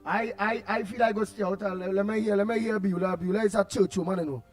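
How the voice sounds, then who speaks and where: A man with a Trinidadian accent hosting a casual call-in radio show, excitable and repeating his words as he reads out listener messages. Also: high-pitched, fast, no room sound, soft background music.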